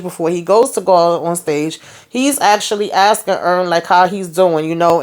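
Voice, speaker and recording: Lady recapping a tv episode, chatty, slightly low voice, jumps her pitch when quoting folks. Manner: chatty, quotes characters with voice shifts. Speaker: TV review host. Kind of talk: casual TV recap.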